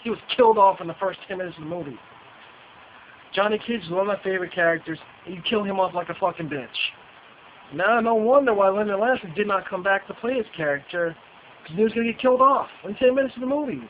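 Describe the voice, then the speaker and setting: A man's voice: sits high, fast talker. A man giving a casual, profane ranting review, repeating himself and restarting sentences. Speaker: movie reviewer. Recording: dull lo-fi with faint hiss.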